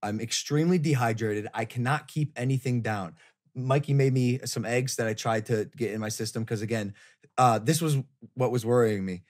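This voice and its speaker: A man's voice: medium pitch, moderate pace. Young man telling a story on a podcast. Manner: animated, swearing, retelling a rough night. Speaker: podcast host. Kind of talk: casual storytelling chat.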